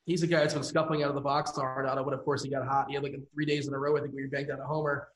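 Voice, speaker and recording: A man hosting a fantasy baseball strategy show from an office, briskly handing topics to his co-hosts. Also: medium pitch, level tone, slight background noise. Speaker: host. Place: office room. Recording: echoey office room.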